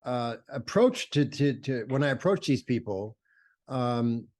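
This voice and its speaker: An older photographer speaks in an animated, mid-range voice that's a little slow and a little mellow. Interviewed about his experiences, he tells stories keenly and acts out others' voices when quoting them, with frequent fillers and restarts.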